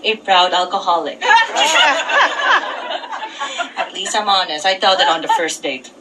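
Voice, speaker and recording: A woman from the Philippines doing a stand-up comedy set on a club stage, dropping deadpan punchlines and laughing at her own jokes. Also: fairly low pitch, brisk. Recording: distant mic with audible noise.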